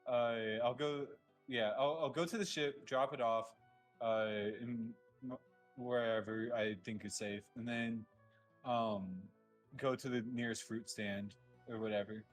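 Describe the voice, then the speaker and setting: A man taking his turn as a player in a tabletop game, mid-pitched and easygoing. He keeps giggling through what he says, with faint music behind. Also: fairly even intonation, measured pace. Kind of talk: casual tabletop game play.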